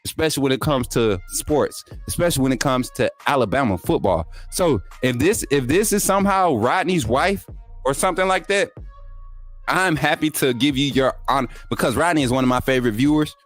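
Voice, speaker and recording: A young man, hosting a sports livestream, reading super chats and teasing viewers in energetic, laughing banter. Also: medium pitch, fairly quick, faint music behind. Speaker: YouTube sports show host.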